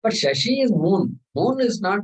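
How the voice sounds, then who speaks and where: A man's voice: sits high, very animated, normal speed, husky, distant mic, low-quality recording. A man teaching a scripture class, talking through verses with rhetorical questions and chanted Sanskrit. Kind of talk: lecture on scripture.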